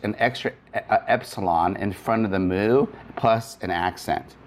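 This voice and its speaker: Man, low voice, methodical lecture, fillers and restarts, faint background hiss. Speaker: Greek grammar teacher. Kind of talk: recorded lecture.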